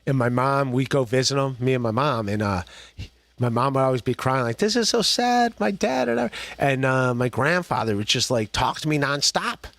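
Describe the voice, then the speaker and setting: Here an Ohio man hosting a podcast rambles casually in a livestream chat, full of laughs, restarts, and filler words. He talks at a normal speed in a medium-pitched, slightly bright voice, and the recording is dry.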